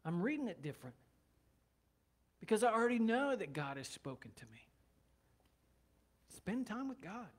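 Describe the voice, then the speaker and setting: A man's voice: sits high, sing-song, moderate pace, long pauses. A man preaching a sermon as pastor of a church, talking in a conversational way with joking asides.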